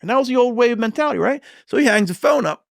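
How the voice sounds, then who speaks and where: A man's voice: extremely high pitch, animated, fast, creaky, dry recording, clean studio sound. A man, a police detective, telling stories from the job in a podcast interview, swearing freely and acting out heated phone calls.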